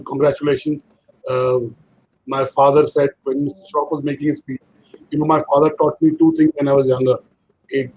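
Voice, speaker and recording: A man's voice: medium pitch, darkish tone, breathy edge, rough recording. A man, a jury member speaking on a video call, rambling through anecdotes and repeating his praise. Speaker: jury member at an awards ceremony. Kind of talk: congratulatory speech on a video call.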